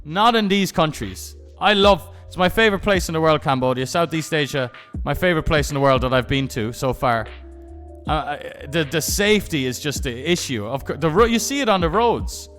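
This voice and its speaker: A man's voice: fairly high pitch, animated, moderate pace, fairly bright tone, faint music behind. A young man live-streaming, telling rambling, profane stories in casual chat and often restarting his sentences.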